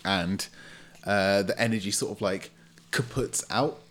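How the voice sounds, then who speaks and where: A man running a tabletop roleplaying game, narrating scenes and reading out rules. He has a low voice and speaks slowly, hesitating as he picks his words. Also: a bit bright. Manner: halting, many fillers and restarts. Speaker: game master.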